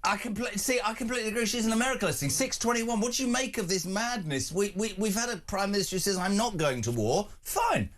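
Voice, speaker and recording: A man's voice: high voice, fast, few pauses. An older man with a British accent hosting breakfast radio, blunt and chatty, reading out listener messages. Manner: blunt, animated, reads listener texts aloud. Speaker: radio host.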